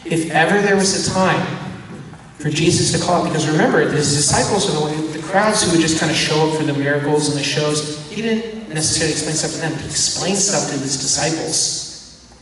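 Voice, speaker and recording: Priest teaching a parish crowd, kinda high voice, far off mic in a big echoey church. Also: male voice, brisk. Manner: animated storyteller acting out voices of disciples.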